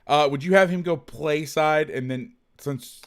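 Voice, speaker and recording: A man's voice: on the high side, unhurried, clean tone. A man hosting a casual football film breakdown, rambling, self-deprecating and swearing freely. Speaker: host, football film analyst.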